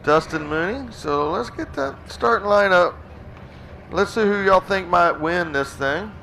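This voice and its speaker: A man with a high-pitched voice works as a race track announcer, calling the laps with folksy, excitable energy. His voice carries over loud engines and outdoor track noise. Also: a little slow. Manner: folksy, excitable play-by-play calls. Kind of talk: live race commentary. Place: outdoor racetrack.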